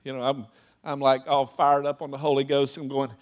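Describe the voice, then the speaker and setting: A man's voice: medium pitch, flat delivery, fairly quick. A man preaching a sermon in a conversational way, telling stories from his own life with lots of "you know" and laughing asides. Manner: acts out anecdotes with laughing asides. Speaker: pastor.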